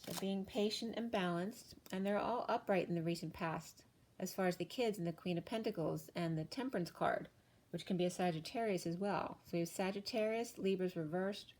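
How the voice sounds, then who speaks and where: A woman doing a casual tarot card reading, chatty and thinking aloud with fillers and self-corrections, her voice a little hoarse. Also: on the low side, fairly quick, darkish tone, a little hiss or hum. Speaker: tarot reader.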